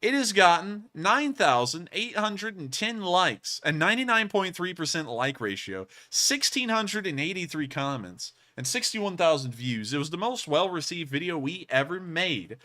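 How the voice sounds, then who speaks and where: A high-pitched man talks at a moderate pace with few pauses while hosting his livestream show. Answering donations, he chats casually in a lively, rambling way, full of fillers and restarts.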